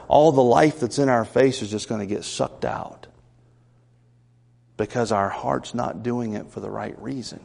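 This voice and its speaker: A man's voice: medium pitch, fairly even intonation, moderate pace, gravelly, darkish tone. A man preaching a sermon in a church, talking in a folksy, conversational way and putting questions to his congregation. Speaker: pastor. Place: church sanctuary. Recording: long church-hall reverb.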